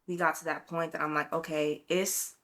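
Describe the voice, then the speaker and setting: A young woman with a fairly low voice shares a personal story on a casual podcast. She talks reflectively and from the heart, with many likes and ums. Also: level tone, moderate pace, fairly bright tone. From Brooklyn, New York. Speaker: podcast co-host. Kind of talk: casual chat.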